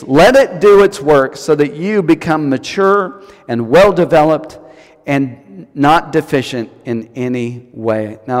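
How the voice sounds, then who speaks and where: A man's voice: medium pitch, a little mellow, in a large hall. A man preaching a sermon as pastor, telling stories and repeating key lines for emphasis. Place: church service.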